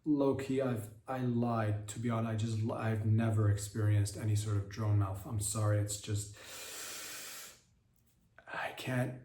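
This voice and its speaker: A man's voice: on the low side, unhurried, a little hiss or hum. Rambling comic man in an echoey room. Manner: digressive, deadpan innuendo, frequent self-corrections. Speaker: comedy podcast host.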